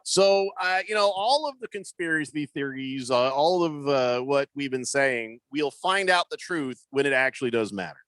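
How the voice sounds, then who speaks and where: A man's voice: mid-range voice, lively intonation, moderate pace, few pauses, a bit bright, no room sound. A man hosting a sports talk radio show, joking and reading listener texts aloud in a studio. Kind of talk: casual sports radio banter.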